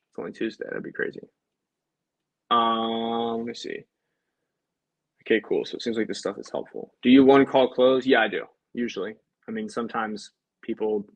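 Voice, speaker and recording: A man's voice: mid-range voice, rough recording. A man, a life insurance agent, chatting casually to livestream viewers between sales calls in a breezy, upbeat way.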